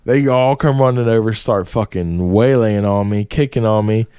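A man's voice: fairly low pitch, moderate pace, smooth, no echo, clean studio sound. Profane man spinning a wild story. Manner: profane, animated storytelling with frequent swearing. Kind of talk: casual storytelling chat.

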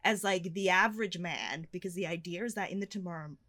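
A woman in casual podcast chat, animated and ranting, often laughing. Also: lowish voice, fairly quick. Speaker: podcast co-host reviewing a film.

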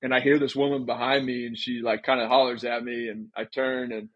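Husky guy rambling through a story on a podcast, dry close sound. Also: mid-range voice, level tone, fairly quick, dry recording, highs cut off. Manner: chatty storyteller, laid-back. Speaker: podcast co-host. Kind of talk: casual chat.

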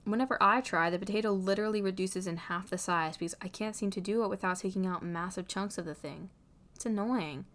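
A woman's voice: medium pitch, steady tone, normal speed, darkish tone, lightly acted. A woman voicing an earnest young man who bursts into emphatic exasperation, read from a fan story. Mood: exasperated. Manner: emphatic, rising to exasperated outbursts.

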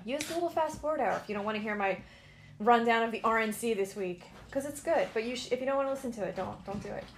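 Woman host, late 30s, blunt and defiant, slightly high voice, solo podcast at home with faint noise. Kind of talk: casual solo podcast rant.

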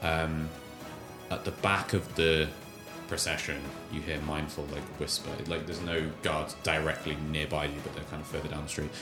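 A man runs a tabletop game in a relaxed, halting manner, filling gaps as he thinks. His voice sits very low. Background music plays steadily under the talk. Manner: relaxed, hesitant, many fillers. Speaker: game master. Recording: music playing behind.

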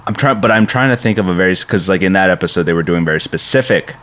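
Lower-voiced musing podcast man. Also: racing, fairly bright tone. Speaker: podcast co-host. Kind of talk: casual podcast chat.

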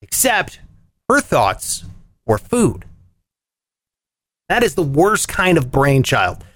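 A man hosting a comedy news rant podcast, jokey and animated, swinging his voice up and down for punchlines. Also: a little high, takes it slowly, no echo. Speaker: podcast host.

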